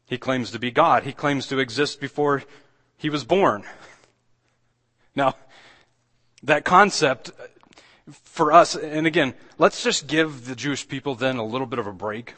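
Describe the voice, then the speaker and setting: A man's voice: mid-range voice, a little slow, long pauses, pushed and bright. A man, a pastor, preaching a sermon in a conversational way, with frequent restarts and emphatic rises when he quotes scripture.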